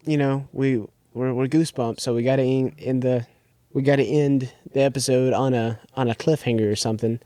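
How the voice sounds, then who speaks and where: Mellow-voiced man rambling casually. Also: mid-range voice, fairly even intonation, brisk, clean tone, no room sound. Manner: rambling retelling with filler words and acted-out quotes. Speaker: podcast co-host. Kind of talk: casual chat.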